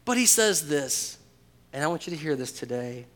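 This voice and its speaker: A man preaching a sermon to his church congregation. He swings between loud, emphatic calls and hushed, intimate asides, and peppers the crowd with rhetorical questions. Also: a little high, expressive, normal speed. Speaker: pastor.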